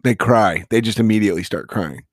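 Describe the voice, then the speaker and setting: A man's voice: fairly low pitch, a little fast, breathy edge, no echo, studio quality. A man hosting a podcast in casual chat, laid-back and profane, laughing easily. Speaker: podcast host.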